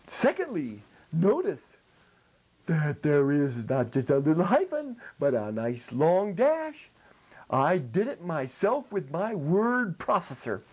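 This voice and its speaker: A man's voice: fairly high pitch, darkish tone, poor audio. A man hosting his own show, giving a playful grammar lesson to the camera in a folksy way, with silly coined words and chuckles at his own jokes. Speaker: show host teaching writing.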